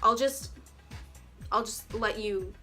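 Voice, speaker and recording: A woman's voice: fairly high pitch, takes it slowly, bright, forceful tone, faint music behind. A young woman vlogger telling a dramatic, chatty story with slangy asides. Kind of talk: storytime vlog.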